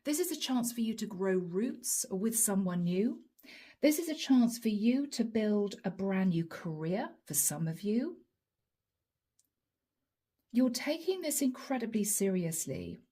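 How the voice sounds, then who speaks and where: A woman's voice: mid-range voice, very animated, measured pace, dark tone, slightly rough. A woman giving a chatty tarot reading, speaking straight to her viewers. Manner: chatty, addresses viewers directly as "guys" and "Aqua". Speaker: tarot reader. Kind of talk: channeled tarot reading to camera.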